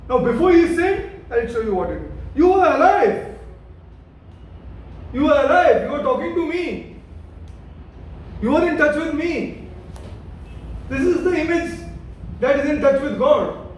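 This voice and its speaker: A man's voice: very high-pitched, sing-song, unhurried, long pauses, darkish tone. A man teaching a Bible study, repeating himself and putting questions to his listeners. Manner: repetitive, questioning the listeners, emphatic. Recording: very echoey room, voice from a distance, light noise.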